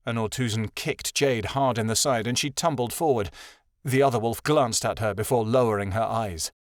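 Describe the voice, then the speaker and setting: A man reading a fantasy audiobook aloud in a steady, even storytelling style. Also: medium pitch, normal speed, no echo, clean studio sound. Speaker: audiobook narrator. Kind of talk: scripted narration.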